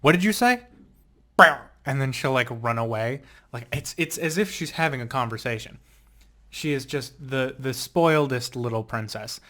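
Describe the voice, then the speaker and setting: A young man casually rambling in a vlog, telling animated stories full of fillers and laughter. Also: mid-range voice, normal speed. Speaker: vlogger.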